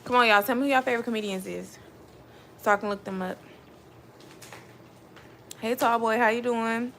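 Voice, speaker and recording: A woman's voice: on the high side, steady tone, moderate pace, a bit bright, slight background noise. A woman, hosting a casual live stream and chatting directly to her viewers. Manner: chatty, addresses viewers as y'all.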